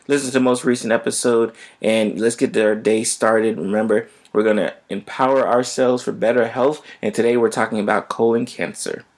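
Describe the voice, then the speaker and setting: A man's voice: mid-range voice, fairly even intonation, normal speed, few pauses. A man who is a physician, hosting a health podcast in a casual, conversational way and often checking in with "right?".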